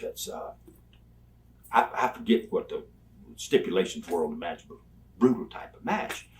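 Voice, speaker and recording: With a low-pitched voice and a little background noise, this older interviewee wanders through lively anecdotes, imitating the people he quotes. The mic is set somewhat away from him.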